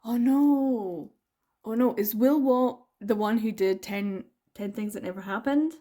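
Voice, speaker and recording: A woman's voice: fairly high pitch, unhurried, dark tone. An enthusiastic woman chats on camera about books in a loose, rambling way. She drifts between thoughts, fills gaps with ums, and laughs easily as she goes. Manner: rambling, enthusiastic, frequent laughs and trailing fillers. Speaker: book vlogger. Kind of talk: casual chatty vlog.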